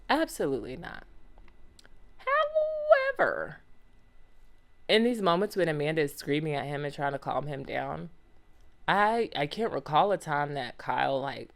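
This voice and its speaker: A woman hosting a solo podcast, talking casually and animatedly with slang and lots of exclamations and rhetorical questions. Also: low voice. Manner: slangy and conversational. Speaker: podcast host.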